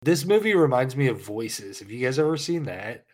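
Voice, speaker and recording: A man of middle pitch who rants through a casual podcast chat. He swears constantly and grumbles at whatever annoys him. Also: big pitch swings, moderate pace, husky. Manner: profane, ranting. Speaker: podcast co-host.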